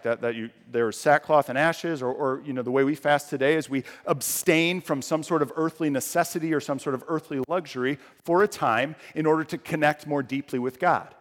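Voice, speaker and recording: A male pastor preaching a sermon in a conversational style that rises to emphatic, loud passages. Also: on the high side, long reverb tail.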